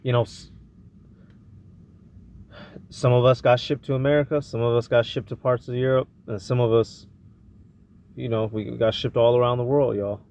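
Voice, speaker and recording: A man's voice: mid-range voice, level tone, normal speed, long pauses, darkish tone, muffled recording, a little hiss or hum. Casual preachy man reacting to clips. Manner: casual, street slang, preachy asides.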